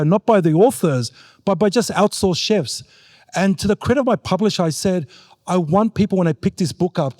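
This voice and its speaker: A man's voice: high voice, no room sound, studio quality. A man speaking on a festival panel as an author and advocate, telling stories animatedly and mimicking voices. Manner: animated storyteller who mimics his mother in a raised voice. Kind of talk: panel talk at a book festival.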